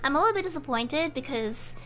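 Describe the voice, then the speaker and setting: A young woman streaming and chatting casually, rambling and animated, with frequent laughter. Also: high-pitched, fairly quick. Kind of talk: casual chat.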